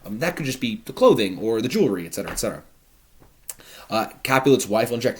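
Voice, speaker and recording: Man teaching a play, lively voice. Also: on the low side, fast. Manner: conversational paraphrasing with fillers. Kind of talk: explanatory literature lesson.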